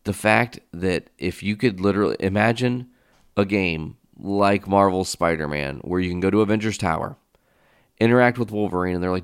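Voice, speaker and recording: Male podcast host, deep and resonant, casual rambling riffs, dry close sound. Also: moderate pace, clean tone, no echo. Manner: rambling, enthusiastic riffing with fillers; casual swearing. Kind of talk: casual solo podcast talk.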